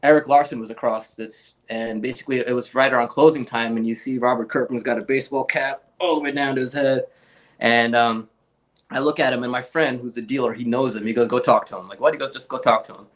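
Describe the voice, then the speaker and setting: Man telling animated collector anecdotes. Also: mid-range voice, fast. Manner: animated anecdotes, acts out quoted voices. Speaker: guest, comic art collector. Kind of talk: casual storytelling in an interview.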